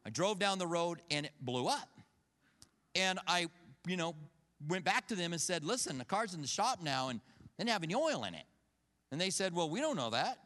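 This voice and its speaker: Animated pastor preaching in a reverberant hall. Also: male voice, high voice, normal speed. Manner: storytelling, acts out quoted voices, animated. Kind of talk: conversational sermon with personal stories. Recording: long reverb of a large hall.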